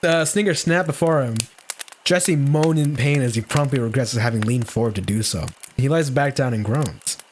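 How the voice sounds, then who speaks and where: A man's voice: mid-range voice, moderate pace, slight background noise. A man streaming a comedic story reading, giggling and breaking into laughter often.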